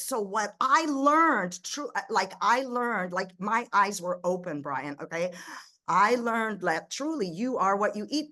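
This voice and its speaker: In a fairly high voice, a middle-aged woman who founded a ministry shares stories during a conversational interview. Born in Egypt and raised in the United States, she's an animated storyteller who often restarts sentences and uses quoted dialogue.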